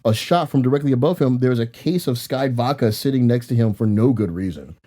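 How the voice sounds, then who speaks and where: A man's voice: medium pitch, fairly quick, warm tone. A man co-hosting a movie-review podcast, wry and profane, explaining film trivia in casual banter. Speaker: podcast co-host.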